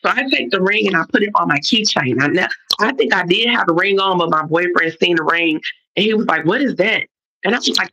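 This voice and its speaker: Gravelly woman telling a story. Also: lowish voice, quick pace, background noise. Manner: animated retelling that acts out others' lines. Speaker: guest on a live stream. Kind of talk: casual storytelling. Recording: dull lo-fi stream audio.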